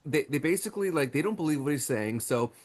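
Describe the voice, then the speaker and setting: A man co-hosting a horror movie podcast, talking casually and excitedly with frequent fillers and restarts. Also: a little high, quick pace. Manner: enthusiastic, many fillers and restarts. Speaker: podcast co-host. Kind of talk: casual movie review chat.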